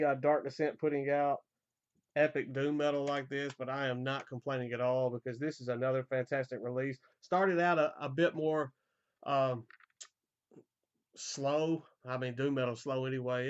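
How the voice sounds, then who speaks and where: Male vlogger, hoarse, easygoing record-collector chatter, muffled low-fi sound. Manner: relaxed, rambling, frequent fillers and repeated starts. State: voice going hoarse. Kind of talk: casual album collection update.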